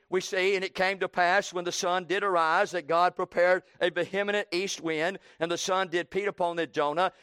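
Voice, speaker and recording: A man preaching a sermon, fervent and repetitive, swinging between soft passages and shouted lines. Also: high-pitched, clean tone, no room sound, clean studio sound.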